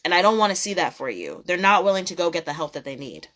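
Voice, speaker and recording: A woman's voice: lowish voice, very animated, fast talker, a bit bright. A young woman giving a casual tarot reading, blunt and profane, repeating her points emphatically. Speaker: tarot reader.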